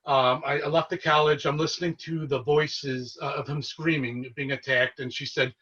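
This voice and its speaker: A man, a paranormal investigator, telling his story as a podcast guest in an earnest, excitable way. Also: on the high side, moderate pace, recorded from a distance, highs cut off. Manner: earnest, excitable storyteller who relives events. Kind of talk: casual storytelling interview.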